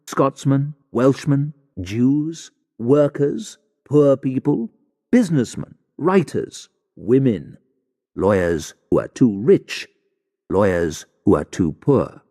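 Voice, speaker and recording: Man, audiobook narrator for learners, clear, deliberate, animated pitch, long reverb.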